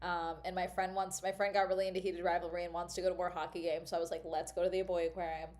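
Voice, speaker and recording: A woman's voice: on the low side, level tone, rapid-fire, a little mellow. A woman chatting casually on a livestream in a rambling, exasperated way while checking her phone and laptop. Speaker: streamer. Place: at home at a laptop.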